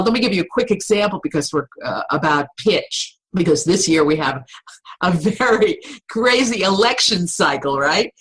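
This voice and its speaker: A middle-aged woman voice coach explaining vocal tips in a podcast interview, with an animated, instructive storytelling manner. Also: fairly low pitch, breathy edge, rough recording.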